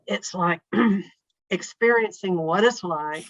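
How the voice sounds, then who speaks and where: A woman with a lowish voice speaks as a podcast guest, calm and reflective, now and then voicing her inner thoughts as quoted lines. The sound is dry, with a slightly dull, muffled quality. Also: takes it slowly, dry recording. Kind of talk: reflective conversational interview.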